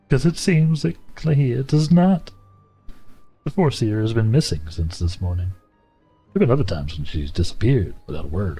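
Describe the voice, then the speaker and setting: A man voicing a formal, worried male guild scholar in a game, reading ornate, old-fashioned lines slowly. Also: mid-range voice, warm tone, slightly rough. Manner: archaic, formal phrasing read slowly. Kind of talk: reading game dialogue aloud.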